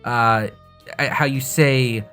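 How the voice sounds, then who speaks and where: Laid-back, profane young man explaining software. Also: medium pitch, fairly even intonation, drawn-out words, clean tone, faint music behind. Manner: loose, profane, self-mocking chatter. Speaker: YouTube tutorial host. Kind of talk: casual software tutorial. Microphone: desk microphone with bass-boosting EQ.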